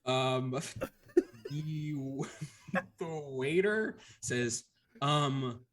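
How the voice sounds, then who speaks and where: A man's voice: mid-range voice, moderate pace. A young man narrating as game master, casual and full of ums and laughs.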